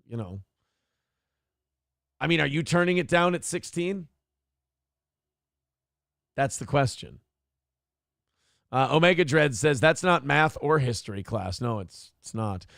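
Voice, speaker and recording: A male livestream host with a gravelly, slightly higher voice and very lively pitch. He talks in a profane, mocking way, riffs on chat messages and acts out exaggerated lines. The sound is dry and close, with almost no room echo. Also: measured pace, long pauses. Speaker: solo livestream show host. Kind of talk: crude comedic commentary, reading chat messages.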